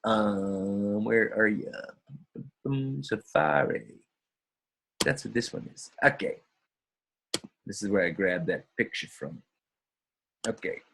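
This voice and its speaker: A man's voice: lowish voice, a little slow, vocal fry, long pauses, a bit bright, slight background noise. A man leading a live online coaching call in an upbeat, chatty way, often calling his listeners guys. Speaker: fitness business coach.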